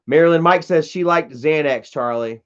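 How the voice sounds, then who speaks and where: A man's voice: fairly high pitch, moderate pace. A man hosting a livestream, ranting bluntly and with profanity while reading chat comments aloud. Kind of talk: candid casual livestream rant. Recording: dull lo-fi stream audio.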